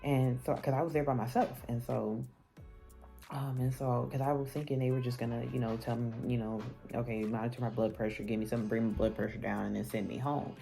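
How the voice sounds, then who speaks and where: Very deep-voiced woman telling a storytime vlog. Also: fairly even intonation, brisk, gravelly, dark tone, soft background music. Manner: candid, conversational retelling with many fillers and restarts. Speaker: vlogger.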